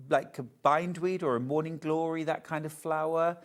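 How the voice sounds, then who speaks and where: A man's voice: fairly high pitch, steady tone, moderate pace, few pauses. A man presenting fabrics on a live home shopping show, chatty and full of enthusiasm.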